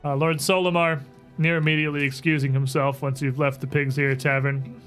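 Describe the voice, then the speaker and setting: Game master, male, higher register, unhurried, music bed. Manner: relaxed, halting narration with fillers. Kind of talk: narrating a tabletop game.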